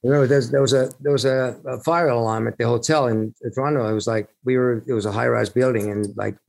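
A man's voice: mid-range voice, steady tone, quick pace, vocal fry, a little mellow, low-quality recording. A middle-aged man from Finland, a rock singer being interviewed, telling rambling anecdotes with laughs and restarts. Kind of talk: casual storytelling interview.

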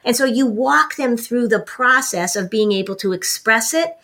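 A woman's voice: a little high, animated, moderate pace, few pauses, a bit bright. A woman co-hosting a parenting podcast, explaining at length and acting out what a parent and child might say. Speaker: parenting expert co-host. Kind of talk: casual podcast chat.

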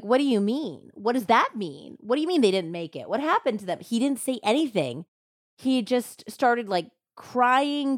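A woman hosting a true crime podcast, retelling a case in a casual, animated way with lots of "like" fillers. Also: mid-range voice, dry recording, clean studio sound. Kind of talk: casual storytelling chat.

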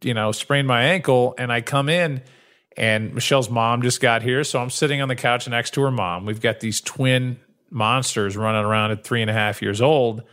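A man's voice: mid-range voice, moderate pace, fairly bright tone. A middle-aged man co-hosting a casual chat, rambling through stories and acting out quotes in other voices. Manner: rambling storyteller, acts out quotes. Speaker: podcast co-host.

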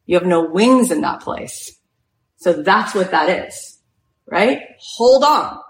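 A woman spiritual coach giving an inspirational storytelling talk, animated and full of "like" fillers. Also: on the low side, takes it slowly, vocal fry. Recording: roomy echo.

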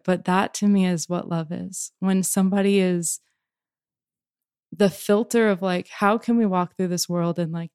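A woman's voice: lowish voice, a little mellow, dry recording, clean studio sound. A woman poet and author answering interview questions reflectively, searching for words as she goes. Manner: thoughtful, searching, halting restarts.

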